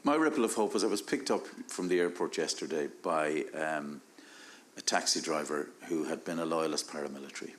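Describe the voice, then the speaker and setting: A man on a discussion panel, telling a reflective personal story softly to a live audience. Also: a bass voice, fairly quick, slight background noise. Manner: reflective, soft-spoken storytelling.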